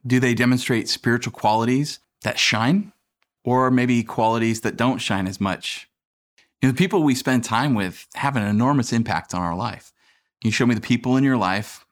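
A man in his thirties preaching a sermon in a relaxed, conversational way, mixing scripture with self-deprecating family stories. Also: medium pitch. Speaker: pastor.

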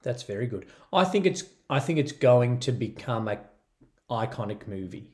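Man, mid-pitched voice, wry podcast co-host, dry one-liners. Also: lively intonation, moderate pace, darkish tone. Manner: dry quips and short agreements. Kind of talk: casual movie review chat.

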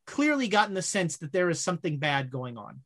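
A woman narrating as game master of a tabletop horror game, halting with fillers and restarts. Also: low-pitched, sing-song.

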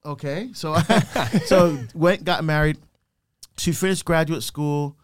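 A man's voice: a little high, slow pace. A middle-aged man telling his life story animatedly as a guest, acting out voices of people he quotes. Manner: lively, acts out quoted voices. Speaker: deacon and guest speaker.

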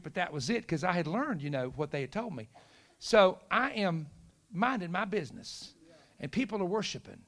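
A man's voice: sits high, moderate pace. A middle-aged man, preaching a storytelling sermon and acting out the voices of the people in his story. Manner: animated, acts out quoted voices, shouts punchlines.

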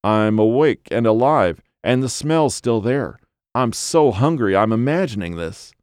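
A man's voice: lowish voice, fairly even intonation, moderate pace, a little mellow, dry recording, clean studio sound, lightly acted. A man voicing a starving young man lost in the woods for days, talking in frantic, pleading bursts. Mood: desperate.

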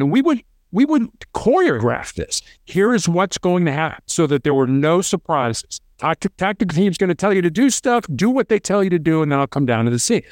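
His voice sits high and moves briskly as this middle-aged man, once a hostage negotiator, tells stories in an interview. The studio audio is clean with no echo, and he's animated, acting out quoted voices and repeating words.

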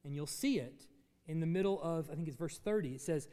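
Preaching as pastor in a large hall, a man with a slightly high, warm voice moves briskly through a Bible passage. He poses questions to his congregation as he teaches.

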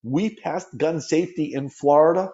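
Middle-aged guy from the us, earnest and pushy, mellow voice, kinda dull audio. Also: on the high side, normal speed. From United States. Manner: earnest, emphatic, repeats words when pressing a point. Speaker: gun safety activist guest. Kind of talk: impassioned interview talk.

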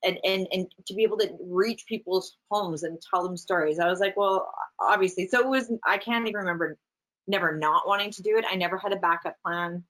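A middle-aged actress from Canada, telling stories in a casual, animated interview. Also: female voice, lowish voice, rough recording. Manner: animated, chatty, quick asides. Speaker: actress, guest.

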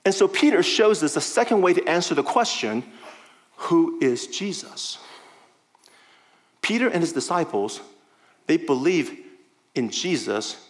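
A man preaching a sermon conversationally, animated and often checking in with the listeners. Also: fairly high pitch, normal speed.

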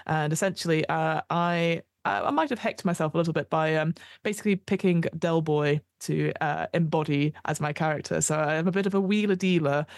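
A woman's voice: low-pitched, brisk, hardly any pauses, dry recording, studio quality. A woman co-hosting a tabletop roleplaying podcast, chatting casually in a bubbly way with many fillers. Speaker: podcast co-host.

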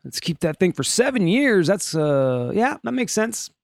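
A middle-aged man hosts a comedy news podcast with a lively voice that swoops up and down. His pitch sits a bit high for a man. He is recorded close to a dry microphone. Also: unhurried, gravelly, no echo. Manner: joking, animated, puts on silly voices for quotes. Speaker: podcast host. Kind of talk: casual comedic news chat.

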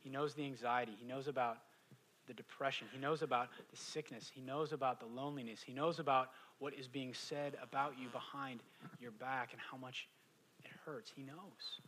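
Man, 30s, preaching, bright tone, lively sermon, emphatic then quiet. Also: medium pitch, moderate pace, a little hiss or hum, rough recording. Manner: animated, swings from loud emphatic questions to hushed quiet lines. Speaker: pastor.

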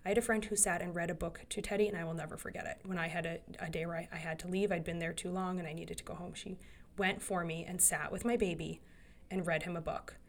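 A woman's voice: fairly low pitch, fairly even intonation, fast. Earnest woman rambling through heartfelt advice. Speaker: podcast host. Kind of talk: solo podcast monologue.

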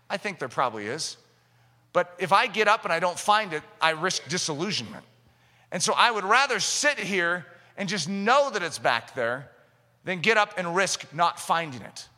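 A man preaching a sermon in an animated way, acting out little scenes and quotes in different voices. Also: high-pitched. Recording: long hall reverb.

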